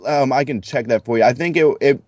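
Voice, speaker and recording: Dude hosting a podcast chat, dry close sound, laughs along. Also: male voice, mid-range voice, fast talker, darkish tone, no room sound. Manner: easygoing, hesitant, laughs along. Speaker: podcast host. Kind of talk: casual interview.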